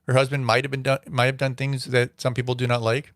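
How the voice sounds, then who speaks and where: A man's voice: mid-range voice, flat delivery, fast, a bit bright, no room sound, clean studio sound. A man hosting a solo commentary show, giving opinionated, rambling takes with frequent fillers. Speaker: host.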